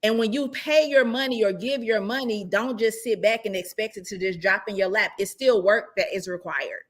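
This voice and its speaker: A woman's voice: medium pitch, moderate pace. A woman speaking as a real estate investor, giving casual, emphatic advice and often checking in with rhetorical questions.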